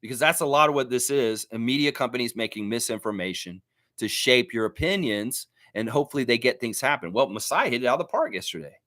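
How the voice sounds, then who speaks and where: A man hosting a sports fan livestream, ranting in a heated, animated way. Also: medium pitch, fast, dry recording, studio quality. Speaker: sports fan show host. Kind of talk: casual livestream rant.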